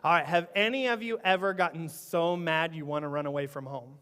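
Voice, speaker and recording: A man's voice: a little high, brisk, a bit bright, smooth. A man leading a playful children's sermon in church, teasing and quizzing the kids. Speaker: children's pastor. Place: church sanctuary. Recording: echoey church sanctuary.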